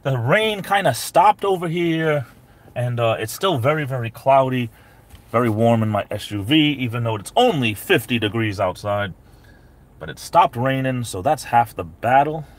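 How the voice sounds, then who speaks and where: A man hosting a casual live stream from his parked SUV, rambling on and greeting viewers by name. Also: mid-range voice. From New England.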